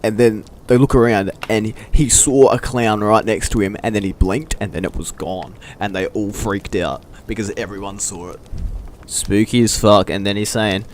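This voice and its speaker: Brief: young guy, casual storyteller, laughs and curses a lot, mid-pitched voice. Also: moderate pace. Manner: profane, laughing, animated quoting of friends. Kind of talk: casual anecdote telling.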